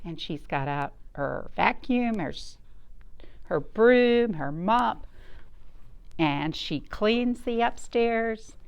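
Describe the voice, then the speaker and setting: A woman's voice: medium pitch, takes it slowly, clean tone, muffled recording. A woman librarian reading a picture book aloud at children's storytime, asking the listeners questions along the way. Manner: animated, asks the listeners questions.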